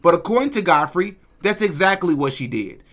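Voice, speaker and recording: Indignant high-voiced man, podcast host. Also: lively intonation, a little fast, a bit bright. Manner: indignant, emphatic. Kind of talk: opinion commentary.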